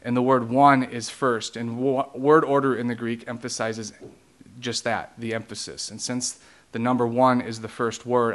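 A pastor leads a Bible study in a relaxed, conversational voice of medium pitch. He is a man who walks through the terms one at a time and explains each in plain words.

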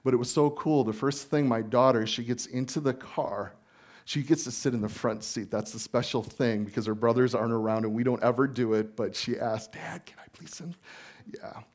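A man's voice: mid-range voice, steady tone, fairly quick, darkish tone. A man in his thirties preaching a sermon as pastor in a church, earnest and conversational, often calling the congregation "guys". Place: church sanctuary.

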